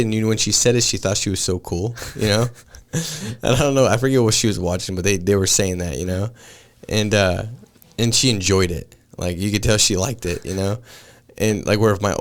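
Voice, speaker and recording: Laid-back low-voiced male podcast host. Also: brisk. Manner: laid-back, says dude and man a lot. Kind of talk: casual podcast chat.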